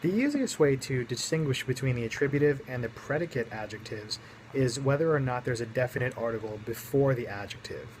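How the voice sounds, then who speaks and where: A man's voice: mid-range voice, expressive, fairly quick, slight background noise, low-quality recording. A man teaching Greek grammar in a recorded lesson, explaining each point step by step and muttering small self-corrections.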